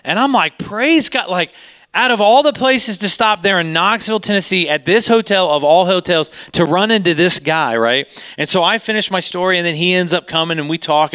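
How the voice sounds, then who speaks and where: Animated pastor telling a story. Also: male voice. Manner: animated storyteller, pitch rising as excitement builds. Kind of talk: sermon storytelling.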